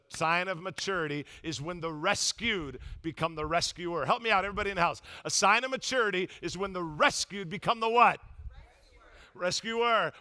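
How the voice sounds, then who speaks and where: A man pastor preaching a sermon in a church, telling a story with lively call-and-response to the congregation. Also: high-pitched. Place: church auditorium.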